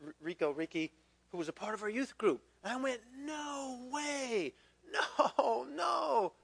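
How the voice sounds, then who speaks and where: Male pastor, high voice, casual animated sermon delivery, lots of restarts. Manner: conversational, animated, many restarts and repeated words.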